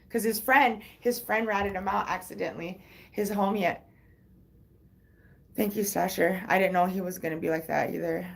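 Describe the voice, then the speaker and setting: A woman's voice: fairly low pitch, fairly even intonation, brisk, gravelly. A woman livestreaming, telling a personal story in a rambling, frank way with heavy swearing.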